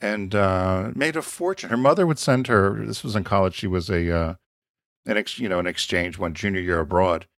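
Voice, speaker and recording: A man's voice: sits low, normal speed, vocal fry, no room sound, clean studio sound. A man co-hosting a business podcast, chatting casually and rambling through anecdotes. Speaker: podcast co-host. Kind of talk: casual chat.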